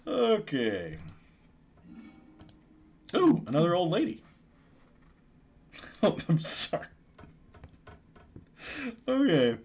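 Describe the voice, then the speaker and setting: A man's voice: fairly high pitch, wildly swooping pitch, very slow, long pauses. A man streaming a card game, giving casual, joking commentary and chuckling often.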